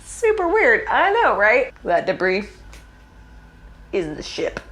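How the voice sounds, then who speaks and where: A woman hosts a podcast and retells an episode as casual, sarcastic comedy packed with slang. Her voice sits slightly high and moves in lively swings. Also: takes it slowly. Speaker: podcast host.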